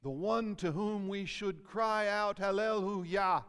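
Slow emphatic preacher in a reverberant hall. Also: male voice, sits high, a bit bright, clear, resonant tone. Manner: slow, emphatic scripture reading with rising and falling intensity. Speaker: pastor. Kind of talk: sermon.

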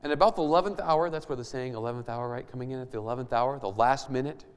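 A man's voice: medium pitch, fast, smooth. A male pastor preaching a sermon, reading scripture aloud and then explaining it conversationally with emphatic rising questions. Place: church hall. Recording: long hall reverb.

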